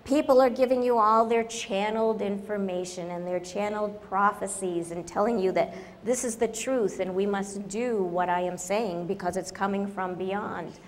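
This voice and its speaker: A woman's voice: medium pitch, long reverb tail, a little hiss or hum. A woman giving a humorous conference talk, wry and direct, telling stories to an audience. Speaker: conference speaker.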